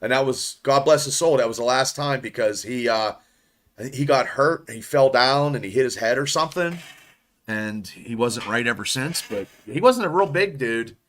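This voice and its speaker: A man's voice: mid-range voice, lively intonation, moderate pace, background noise. A man in his fifties from the Pittsburgh area, talking bluntly on a casual sports podcast. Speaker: podcast co-host.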